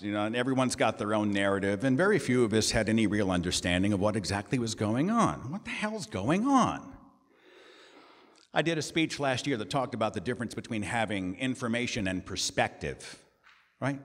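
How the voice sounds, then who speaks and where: A man's voice: medium pitch, big-room sound. A man giving a talk, with a conversational manner and many rhetorical questions. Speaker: guest speaker. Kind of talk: lecture presentation. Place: lecture hall.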